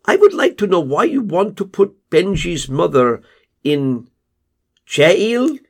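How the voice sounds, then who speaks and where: An evasive man on the phone, with stiff and formal phrasing that stays flat even when it rises, as a narrator puts him on. The voice sits high above the reader's own and carries a husky edge. It is slow and drawn out. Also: full character voice. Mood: insistent.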